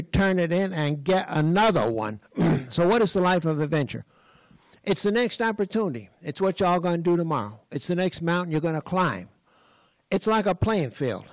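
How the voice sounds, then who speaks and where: An older man from Western Massachusetts speaks at a design school event in a folksy, animated storytelling manner. His voice sits high, and he clears his throat again and again. The sound is dry, with no room around it. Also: no room sound, low-quality recording. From Western Massachusetts, USA. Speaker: speaker at a design college talk. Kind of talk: storytelling talk. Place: lecture stage.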